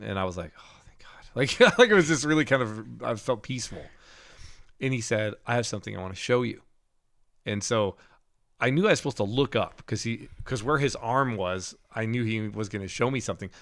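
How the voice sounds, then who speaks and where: A middle-aged man telling a personal story in loose, conversational podcast talk. His voice sits at an ordinary middle pitch, and he laughs often and breaks off into halting restarts as he goes. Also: a bit bright. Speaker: podcast co-host. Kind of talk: casual storytelling.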